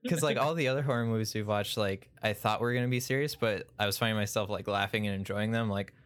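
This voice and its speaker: A man's voice: lowish voice, fast talker, a bit bright. A man co-hosting a podcast, joking and laughing often while recapping. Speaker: podcast co-host. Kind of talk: casual chat.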